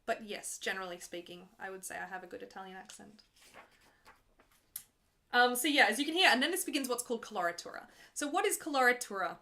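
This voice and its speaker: Bright-voiced woman opera singer chatting. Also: fairly high pitch, lively intonation, fast. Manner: chatty and joking, breaks into full operatic singing. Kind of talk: live stream chat and teaching.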